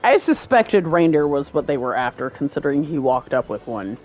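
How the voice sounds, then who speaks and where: A woman's voice: low voice, sing-song, moderate pace, a little mellow, soft background music. A woman streaming a game, chatting casually in a playful, giggly way and joking about words. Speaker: gameplay streamer. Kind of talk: casual gameplay chat.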